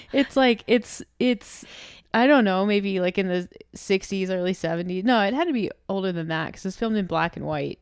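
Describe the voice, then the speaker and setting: A woman's voice: mid-range voice, normal speed, clean tone, no room sound, clean studio sound. Chatty woman podcast co-host. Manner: chatty, playful teasing. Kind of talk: casual chat.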